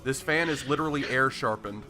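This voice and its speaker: A man's voice: mid-range voice, fairly quick, loud music behind the voice. Stammering, rambling man from Texas. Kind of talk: casual chat.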